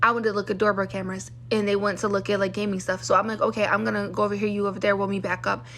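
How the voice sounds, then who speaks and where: A woman's voice: mid-range voice, flat delivery, very fast, fairly bright tone, slight background noise. A young woman vlogger talking in a casual storytime rant, exasperated, full of "like", acting out what other people said to her.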